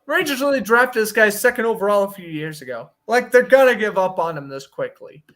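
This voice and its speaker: Young man, high voice, casual hockey chat, opinionated, jokey co-host. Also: animated, a little fast, a bit bright. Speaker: podcast co-host.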